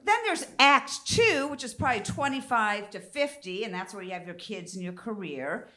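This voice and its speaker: A woman's voice: medium pitch, expressive, moderate pace, pushed and bright. A woman in her fifties doing a stand-up comedy set on a theater stage, brassy and bawdy as she teases the crowd. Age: 50s.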